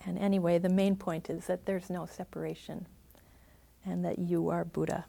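Woman giving a relaxed dharma talk, thinks out loud, chuckles a lot. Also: fairly low pitch, moderate pace, creaky. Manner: thoughtful, hedging, laughs easily. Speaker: meditation teacher.

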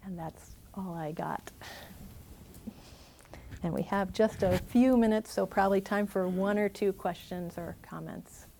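A woman's voice: mid-range voice, unhurried, vocal fry, warm tone, slight background noise. A woman meditation teacher giving a dharma talk and answering questions, thoughtful and hedging, laughing easily.

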